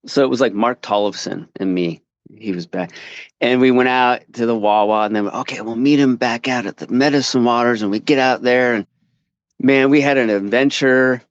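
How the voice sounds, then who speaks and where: A man telling a casual story over a call from outdoors, rambling with many halting restarts. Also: medium pitch, dry recording, lo-fi sound. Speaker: caller sharing a story. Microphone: call audio.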